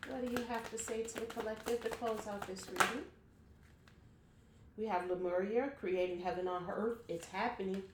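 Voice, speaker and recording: A woman's voice: mid-range voice, steady tone, moderate pace, noisy background. A woman giving a casual tarot reading at home, talking straight to her viewers in a blunt, chatty way and swearing freely. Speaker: tarot reader. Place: home room. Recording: echoey room.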